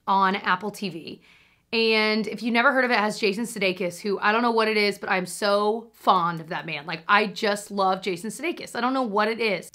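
A woman in her thirties talks straight to camera about things she loves, in a loose, rambling way full of asides. Her voice is bright and ringing, and her delivery bubbly. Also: medium pitch. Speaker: vlogger. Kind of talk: casual monthly favorites chat.

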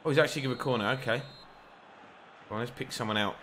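A young man giving excitable, rambling live commentary over a football video game, shouting encouragement at the players and joking at himself. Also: medium pitch, fast talker, slight background noise. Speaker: gaming YouTuber.

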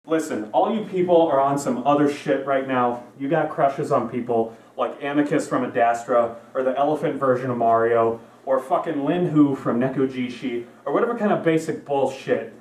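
A man's voice: medium pitch, moderate pace, few pauses, darkish tone, echoey room, distant mic. A young man delivering a profane, rambling comedy rant, repeating himself to hammer points. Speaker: comedy vlogger.

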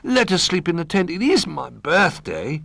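A man voicing a small, excitable toy bear cub who squeaks, begs and gushes in a storybook reading. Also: normal speed, vocal fry, no room sound, studio quality, full character voice. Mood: pleading. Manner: squeaky, eager and pleading.

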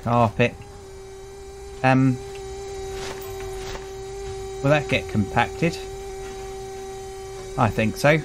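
A man's voice: mid-range voice, wildly swooping pitch, drawn-out words, pauses often, noisy background. A British man casually commentating a gameplay video, chatty and wry, greeting the characters he meets as he plays. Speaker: gaming channel host. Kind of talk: casual let's-play commentary.

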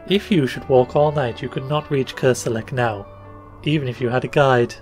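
A man doing a gentle, dreamy young noblewoman. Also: medium pitch, moderate pace, faint music behind, lightly acted. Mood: gentle, eerie.

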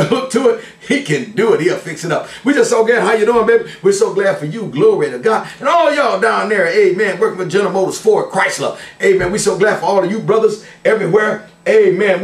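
An older man, a pastor, greeting his family and viewers in a playful, folksy way, peppering his talk with "glory to God" and "amen". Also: high-pitched. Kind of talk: church service shout-outs. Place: church sanctuary. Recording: echoey church sound from a distance.

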